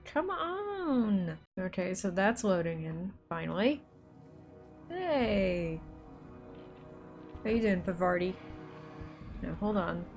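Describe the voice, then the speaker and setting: A woman's voice: fairly low pitch, animated, slow, long pauses, a little mellow, soft background music. A young woman hosting a let's play from home at a desk mic, chatty and exasperated with her computer. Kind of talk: casual gameplay commentary. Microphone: desk microphone.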